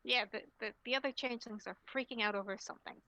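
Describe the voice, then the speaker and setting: A woman running a tabletop game as storyteller, narrating haltingly with many fillers. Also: on the high side, bright, forceful tone, dry recording, lo-fi sound.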